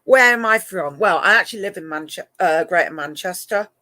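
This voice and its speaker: Hosting and moderating a live stream, this middle-aged English speaker with a mixed northern-southern accent chats with viewers, laughing a lot and addressing the pet cats. Their medium-pitched voice is expressive and sharp at a moderate pace, with no room sound.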